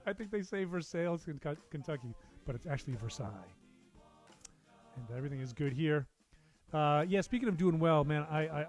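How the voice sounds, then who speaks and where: A man's voice: fairly high pitch, a little mellow. Rambling, chatty man hosting a stream. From Massachusetts. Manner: chatty, rambling, many "uh"s and drawn-out greetings. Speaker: livestream host and musician. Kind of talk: casual chat greeting viewers. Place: recording studio.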